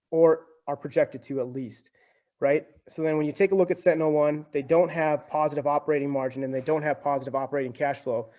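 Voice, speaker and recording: A man's voice: on the high side, darkish tone. A young man as a podcast guest, explaining things in a talkative, casual way and often tagging sentences with "right?" and "like". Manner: talkative, keeps adding "right?" and "like".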